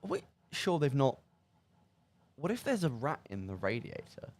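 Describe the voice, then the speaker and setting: Young Midlands man, hugely animated delivery. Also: medium pitch. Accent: English Midlands. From English Midlands. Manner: chatty and jokey, quick to laugh at himself. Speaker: student radio host. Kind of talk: casual chat. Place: radio studio. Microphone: studio mic.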